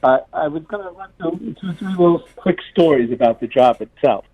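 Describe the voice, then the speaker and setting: A man's voice: on the high side, animated, normal speed, husky, narrow, tinny audio. Chatty New caller, older man. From New York City. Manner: chatty, repeats words as he goes. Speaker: caller, retired police officer. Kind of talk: phone-in storytelling.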